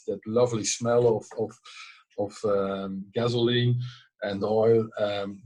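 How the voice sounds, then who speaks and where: Mellow-voiced male interviewer from Belgium. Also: on the low side, rough recording. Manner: friendly, searching for words. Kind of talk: interview questions.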